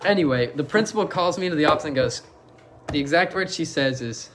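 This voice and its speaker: A man's voice: on the high side, lively intonation, fast, background noise. A young man co-hosting a podcast, telling a crude story among friends and laughing through it. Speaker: podcast co-host.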